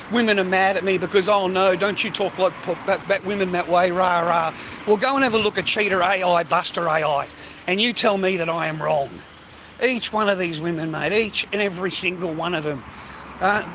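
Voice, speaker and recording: Aussie vlogger, middle-aged man, high pitch, aggressive repetitive profane rant, noisy street recording with vehicles. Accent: Australian. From Australia. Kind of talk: profane ranting monologue.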